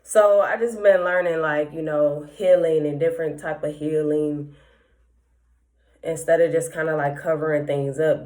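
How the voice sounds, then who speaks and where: A woman's voice: low voice, darkish tone. A young woman hosting a podcast, telling a personal story candidly and emotionally, with lots of slang and filler words. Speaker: podcast host.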